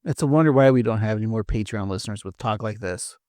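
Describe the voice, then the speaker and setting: A man's voice: lowish voice, fast talker, no room sound, clean studio sound. Laid-back man rambling on a podcast. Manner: relaxed, rambling, laughs often. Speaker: podcast co-host. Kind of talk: casual chat.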